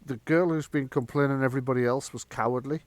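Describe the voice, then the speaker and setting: A man's voice: mid-range voice, steady tone, fast talker, dry recording. A man running a tabletop game as game master, laid-back and swearing freely.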